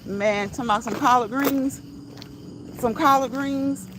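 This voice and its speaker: A woman's voice: high-pitched, a little slow, background noise. A woman, chatting casually on a livestream, reading viewer comments, laughing often and repeating phrases for emphasis. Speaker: host. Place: outdoors while walking.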